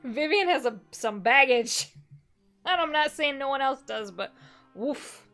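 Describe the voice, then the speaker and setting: A woman streamer closing out a stream in casual chat, excitable and laughing often, swearing casually. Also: high voice, measured pace, faint music behind. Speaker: streamer and game master.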